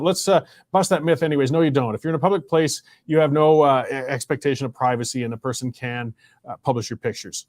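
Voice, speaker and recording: Canadian male talk host, slightly high voice, conversational, heats up when arguing; dry close sound. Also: steady tone, fast talker, no echo. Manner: conversational, heated and rising in pitch when arguing. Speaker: show host. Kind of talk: opinionated talk show monologue.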